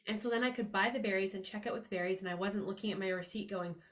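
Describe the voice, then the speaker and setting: An upbeat woman talks straight to her listeners in a motivational podcast monologue, at an ordinary, middle-of-the-road pitch for a woman. She is earnest and confiding, and her voice jumps up with emphasis whenever she drives a point home. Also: fast, hardly any pauses. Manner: upbeat and emphatic, rising pitch on key words. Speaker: podcast host. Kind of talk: motivational money-mindset monologue.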